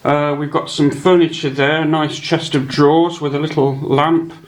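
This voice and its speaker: A man giving a casual show-and-tell of his hobby models, rambling with many pauses and fillers. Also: fairly high pitch, little pitch movement. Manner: meandering, many ums and uhs.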